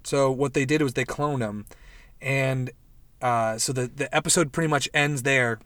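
Casting: young male podcast host, dry close sound, animated rambling recap with swearing. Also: mid-range voice, moderate pace, no echo. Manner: rambling, profane, animated retelling with quoted voices. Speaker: podcast host reviewing a show. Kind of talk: casual chat.

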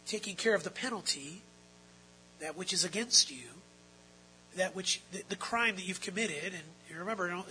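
Emphatic preacher with a bright, high voice. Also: male voice, slight background noise, rough recording. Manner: emphatic, swings from quiet to loud and drawn out. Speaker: pastor. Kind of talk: sermon.

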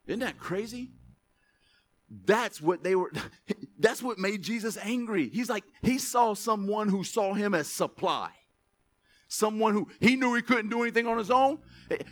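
High, lively male pastor preaching. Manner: conversational, laughing, keeps asking "right?". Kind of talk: sermon.

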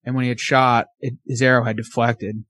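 A man telling a hunting story as a podcast guest, animated, acting out his own and his friend's words. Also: mid-range voice, brisk, dry recording.

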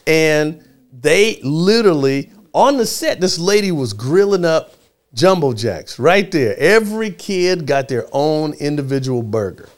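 Middle-aged man, animated storyteller, lively pitch, does voices for the people in his story. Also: unhurried. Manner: animated storyteller acting out quotes in shifting voices. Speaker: guest, former child actor. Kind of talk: storytelling in casual chat.

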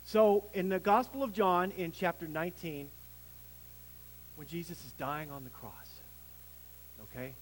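A man preaching a sermon as pastor, swelling to emphatic peaks and dropping low, with some restarts. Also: unhurried, long pauses, big-room sound, poor audio.

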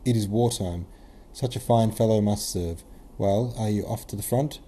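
A man voicing a gruff, imperious old male prince in a novel reading, blunt and commanding. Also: fairly low pitch, normal speed, warm tone, slight background noise, close to an everyday voice. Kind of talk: audiobook character reading.

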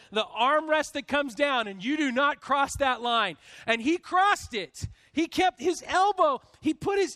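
A pastor delivers his sermon in a strikingly high, bright male voice. He spins a self-deprecating personal story with lively energy, stumbling over restarts as he goes. The sound is close and dry. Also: no echo.

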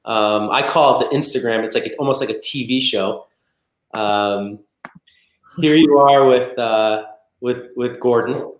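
A man's voice: mid-range voice, a little slow. Male podcast host in an echoey room. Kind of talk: casual podcast interview.

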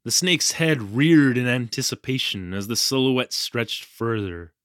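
This time the actor's voice sits at medium pitch, expressive and unhurried with a fairly bright tone. Playing the flustered young male English teacher in Japan, he narrates his ordeal in a wry, self-deprecating way for an audio drama, recorded in the studio with no echo.

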